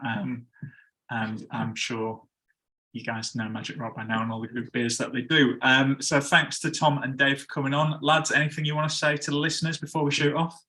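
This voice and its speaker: A man's voice: mid-range voice, flat delivery, normal speed, sharp tone. A man hosting a casual podcast chat, chatty and laughing at his own slip-ups. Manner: chatty, stumbles over ad reads and laughs at himself. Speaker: podcast host.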